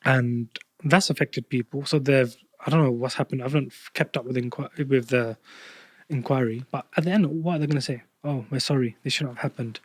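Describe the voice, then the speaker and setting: A man's voice: mid-range voice, brisk, dry recording. A man in a casual podcast chat, explaining things plainly and earnestly.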